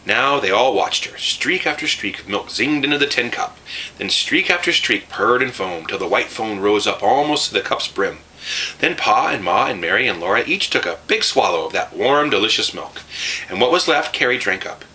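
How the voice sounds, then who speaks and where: A man reading a children's book aloud with lively expression, pausing to show the pictures. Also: fairly low pitch, rough recording. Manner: expressive, showing pictures as he reads.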